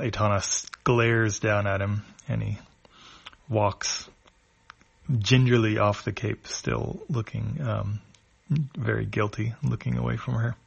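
A low-voiced man reads a comic aloud, describing each panel in a plain, unhurried way. His voice has a gravelly rasp that runs through every line, and he takes his time with the descriptions. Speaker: comic reader.

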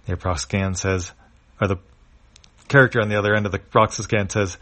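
A man's voice: on the low side, steady tone, quick pace, pauses often, a bit bright. A man casually reading a webcomic aloud, describing each panel with some fillers. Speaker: comic reader.

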